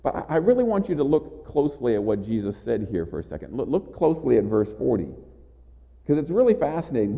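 A man's voice: medium pitch, very animated, quick pace, vocal fry. A man preaching a sermon with passion, often stammering over his words as he builds up. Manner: impassioned, with repeated stammered restarts. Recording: dull sound in a large reverberant hall.

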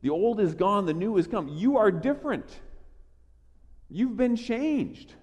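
A man preaching with a fairly high voice, emphatic and animated, often stumbling over his first words before pushing on. His sermon rings out with a long reverb from a large church hall. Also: a little slow, slightly rough. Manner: emphatic, animated, with frequent restarts. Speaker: pastor.

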